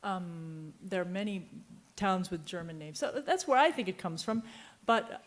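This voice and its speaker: A woman's voice: fairly low pitch, lively intonation, measured pace. Rambling woman novelist from Virginia. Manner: digressive, chatty, trails off mid-sentence. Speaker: novelist on a book fair panel. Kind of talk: panel discussion, rambling anecdote. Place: stage at a book fair.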